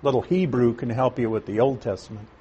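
A man teaching through a Bible passage verse by verse, slowing down to stress key words and asking his listeners questions. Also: medium pitch, dark tone, slightly rough, dull audio. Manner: asks the audience questions.

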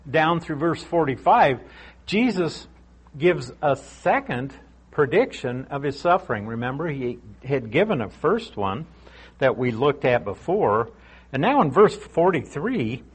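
A middle-aged man teaches verse by verse through a Bible passage in a relaxed, conversational way. He repeats his key points to drive them home, and his voice sits at an ordinary middle pitch.

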